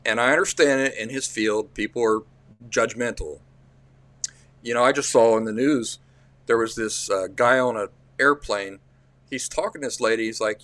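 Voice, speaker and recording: A man's voice: medium pitch, moderate pace, a bit bright, dry recording. Rambling Appalachian man telling stories. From central Appalachia. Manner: rambling, folksy, restarts often. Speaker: livestream host. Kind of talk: casual livestream storytelling.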